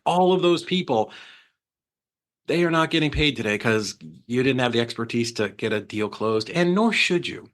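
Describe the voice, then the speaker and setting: A man talking with a bright, forward tone as a guest on a podcast interview. He tells animated stories, slips into quick put-on voices for other people, and keeps tossing in "right?" to pull the listener along. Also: mid-range voice. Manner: animated storyteller who acts out quotes, says "right?" often. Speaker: guest, transaction coordination business owner.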